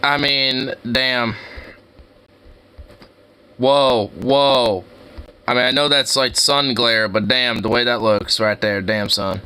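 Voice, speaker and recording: A man giving casual, excitable commentary while browsing street view, slangy and laughing often. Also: mid-range voice, slow, long pauses, clear, resonant tone. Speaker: streamer.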